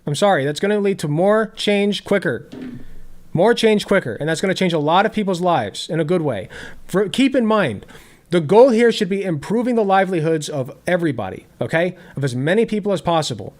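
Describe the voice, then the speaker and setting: High, animated sarcastic male commentator. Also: fairly quick. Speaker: commentary host. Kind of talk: political reaction commentary.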